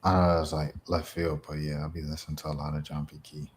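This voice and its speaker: A young man with a very low voice joins a podcast chat. He tosses out quick asides that trail off softly as he finishes them. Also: flat delivery, slight background noise. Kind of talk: casual chat.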